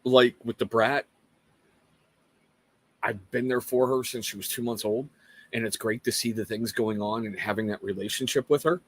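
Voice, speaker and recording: This is a middle-aged man hosting his own casual talk stream. His voice sits at a plain middle pitch, and he speaks earnestly in a rambling, conversational way. He drops in self-deprecating jokes as he goes. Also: steady tone, moderate pace, long pauses, no room sound. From Washington State. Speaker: livestream host. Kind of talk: casual personal talk to viewers.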